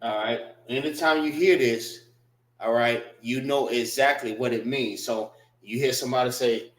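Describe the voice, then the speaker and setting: A man's voice: medium pitch, fairly even intonation. Patient male class teacher, echoey room. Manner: patient, repeats words slowly, spells them out. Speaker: class instructor. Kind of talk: classroom lesson on writing and pronunciation.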